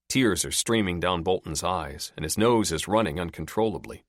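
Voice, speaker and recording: Expressive male audiobook narrator, low voice. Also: moderate pace, hardly any pauses, dry recording, clean studio sound. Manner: expressive storytelling. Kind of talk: scripted narration.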